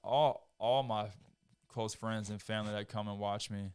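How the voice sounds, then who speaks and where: A man's voice: on the low side, fairly even intonation, normal speed, darkish tone, smooth. A man who is a guest fighter on a podcast, talking in a laid-back casual chat.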